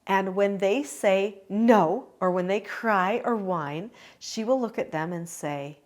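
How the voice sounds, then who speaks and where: An older woman, a parenting educator, gives firm, instructive advice directly to the camera. She speaks at medium pitch, a little slowly, with a darkish tone and hardly any pauses.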